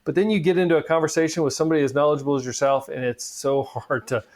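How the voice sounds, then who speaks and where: A man hosting a podcast, chatting casually with a guest and joking lightly as he runs a quick game. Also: on the high side, steady tone. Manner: friendly, joking, quick asides. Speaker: podcast host. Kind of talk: casual interview chat.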